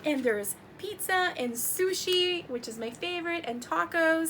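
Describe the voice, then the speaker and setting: A woman's voice: very high voice, unhurried, a little hiss or hum. A woman teacher in her thirties gushing as she opens gifts in a casual vlog, gasping often. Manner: gushing, excitable, gasps often. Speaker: teacher and YouTuber.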